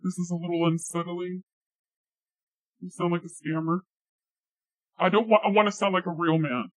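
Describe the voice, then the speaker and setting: A woman's voice: fairly low pitch, steady tone, moderate pace, no echo, poor audio. A woman streamer chatting casually and giggling while she tests a voice changer. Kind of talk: casual live-stream chat.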